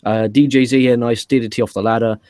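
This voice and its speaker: A man's voice: mid-range voice, fairly even intonation, quick pace, a little mellow, no echo. A man co-hosting a podcast, recapping a wrestling show in a dry, matter-of-fact way. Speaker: podcast co-host.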